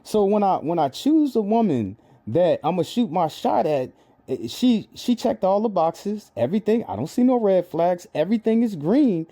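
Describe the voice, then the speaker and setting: A man's voice: high voice, sing-song, moderate pace, mellow. Emphatic, preachy middle-aged male vlogger. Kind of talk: comedic commentary.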